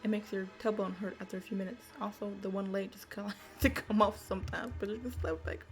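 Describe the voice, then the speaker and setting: A woman's voice: mid-range voice, fairly even intonation, fast, soft background music, close to an everyday voice. A woman voicing a timid, mistreated boy who talks nervously and tries to please. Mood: meek. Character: timid, beaten-down boy, meek and apologetic.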